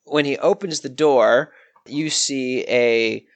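A man narrating a tabletop game as game master, in a descriptive, measured way. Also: medium pitch.

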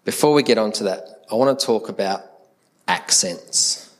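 A middle-aged Australian man from Adelaide preaching a sermon as a pastor, in a conversational, animated way that slips into quoted voices. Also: fairly low pitch, moderate pace.

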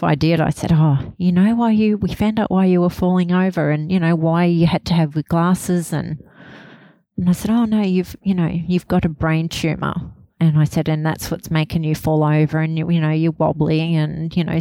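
A woman in her thirties, a grieving mother speaking candidly in an interview, halting and laughing softly through painful memories. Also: sits low, gravelly, no echo. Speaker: interview guest, bereaved mother. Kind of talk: emotional personal interview.

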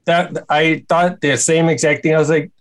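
A man's voice: on the high side, level tone, normal speed. A man co-hosting a casual movie review podcast, easygoing and agreeable, chuckling often. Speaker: podcast co-host.

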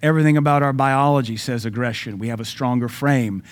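A man preaching a sermon as pastor, emphatic, swinging between loud declarations and quieter asides. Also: medium pitch, quick pace.

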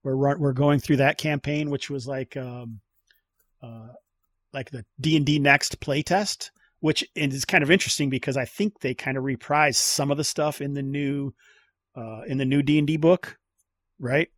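A man's voice: medium pitch, fairly even intonation, moderate pace, no echo. A man hosting a casual podcast chat about tabletop games, rambling with many fillers and restarts. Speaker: podcast host.

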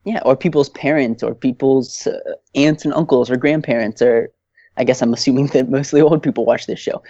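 Fired-up man, mellow voice. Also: medium pitch, fairly even intonation, fairly quick, dry recording, dull audio. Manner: heated, emphatic, restarts often. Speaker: podcast guest. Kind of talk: casual chat.

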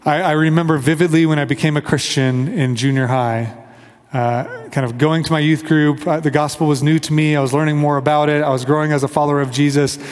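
This pastor, from around Kansas City, has a slightly high voice with fairly even intonation and a fairly quick delivery that rings through a big room. Earnest and conversational, he preaches, leads prayer, and acts out quoted voices in the sanctuary.

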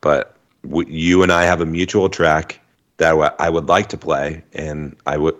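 Very deep-voiced man in loose banter. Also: moderate pace. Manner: loose, profane, excitable banter. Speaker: podcast co-host. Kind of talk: casual chat.

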